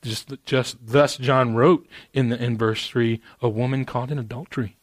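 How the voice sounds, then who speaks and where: A man preaching a sermon in a casual, earnest way, dropping "man" into his sentences and moving from hushed stretches to raised, emphatic ones. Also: medium pitch, fairly even intonation, moderate pace, hardly any pauses, no echo. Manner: conversational and earnest, with repeated "man"; swings from quiet intimate passages to raised emphatic ones. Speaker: pastor.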